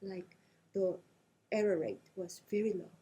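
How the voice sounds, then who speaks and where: A woman researcher speaking in a conversational interview, talking in animated quick bursts with frequent hesitations. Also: on the low side, husky, rough recording. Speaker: invited lecturer being interviewed. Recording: faint background noise.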